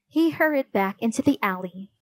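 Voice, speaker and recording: A woman narrating a children's storybook in a slow, clear reading voice. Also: a little high, expressive, no room sound, rough recording.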